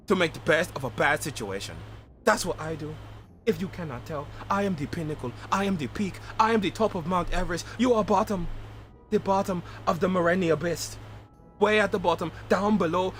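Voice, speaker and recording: A man voicing a crude, boastful but cowardly male adventurer, loud and cocky in broken English, in a comedic reading of game dialogue. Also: high-pitched.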